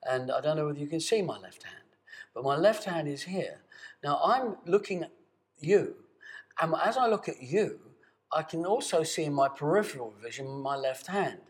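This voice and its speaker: A man teaching a guided voice and breathing exercise, speaking to camera in a calm, coaxing way and demonstrating sustained sung tones. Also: a little high. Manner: calm, coaxing, addresses the viewer directly. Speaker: voice and meditation teacher.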